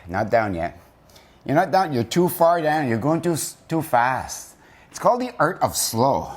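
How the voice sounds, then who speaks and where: Lively, unhurried man coaching slow push-ups. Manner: coaching slow push-ups, counting aloud, laughing often; reflective, drops low and soft to make points. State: out of breath. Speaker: company founder giving a motivational talk. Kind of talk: casual motivational vlog talk.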